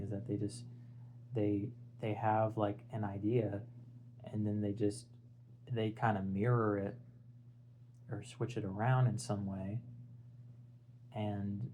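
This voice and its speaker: Over slight background noise on a low-quality recording, a young man with a lowish, dark voice chats casually about an album. As a music video essayist speaking unscripted, he rambles, uses plenty of filler, restarts and hunts for words.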